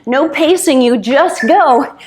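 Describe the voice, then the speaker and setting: Slow-cueing woman fitness coach, higher voice. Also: background noise. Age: 50s. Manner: counting out moves while exercising. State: a little out of breath. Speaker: fitness instructor. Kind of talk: coaching a workout.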